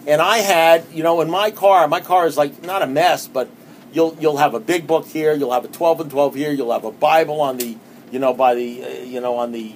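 A man's voice: fairly high pitch, steady tone, moderate pace, slight background noise. Rambling man sharing his recovery story. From New York. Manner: rambling and conversational, with many restarts. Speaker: speaker at a recovery meeting. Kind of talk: personal testimony to a group.

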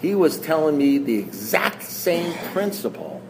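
A man sharing his recovery story at a meeting, telling it in an animated, self-mocking way with emphatic repetition. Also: fairly high pitch, a little slow, creaky, noisy background.

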